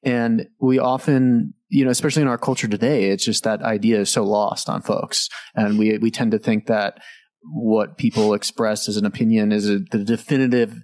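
A man's voice: on the low side, a little mellow. A man hosting a podcast interview outdoors, reflecting thoughtfully and asking questions. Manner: reflective, thoughtful, short reactions. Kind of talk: casual interview talk. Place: outdoors at a tropical home near a beach.

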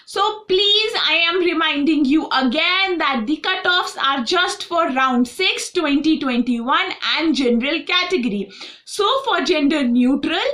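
A woman presents an education video, reading out figures one by one in a steady, methodical way. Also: high-pitched. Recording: roomy echo.

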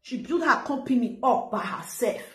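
A woman's voice: fairly high pitch, animated, moderate pace, fairly bright tone, roomy sound. A middle-aged woman with a Nigerian Pidgin English accent, ranting animatedly on a live video and retelling what others said. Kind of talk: casual live-stream talk.

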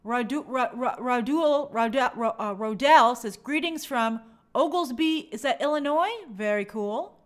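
A woman's voice: fairly high pitch, measured pace. A woman from New York hosting a livestream, reading viewer comments aloud in a bubbly, gushing way and stumbling over hard names. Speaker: livestream host. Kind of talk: casual live chat reading viewer comments.

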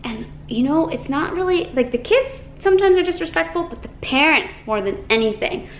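A young woman chatting casually and warmly in a vlog. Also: sits high, lively intonation, a little fast, echoey room, a little hiss or hum. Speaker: vlogger.

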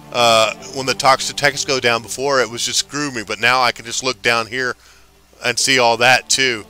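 Guy streaming a game, super bright voice, chatty and hyped, faint music behind. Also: mid-range voice. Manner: chatty, hyped, talks back to viewers. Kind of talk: casual live game-stream chat.

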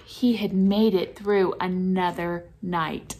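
Woman storyteller for a church kids' show, expressive picture-book read-aloud. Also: mid-range voice, unhurried, hardly any pauses. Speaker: children's ministry reader.

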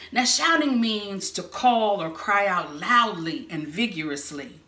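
A woman preaching a sermon, telling stories with lively bursts of shouting. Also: mid-range voice, unhurried, hardly any pauses. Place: church sanctuary or hall. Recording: echoey room.

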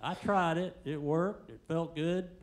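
An older man doing a stand-up comedy set in a comedy club, telling deadpan jokes and acting out the quotes. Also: fairly high pitch, a little slow.

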